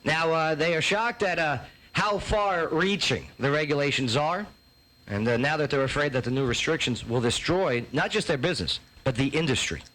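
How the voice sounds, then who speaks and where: Guy hosting a talk show, jokey and loud, lots of uhs. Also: fairly high pitch, moderate pace, rough recording. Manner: joking, loud reactions, many fillers. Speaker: host. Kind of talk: casual chat, reacting to clips.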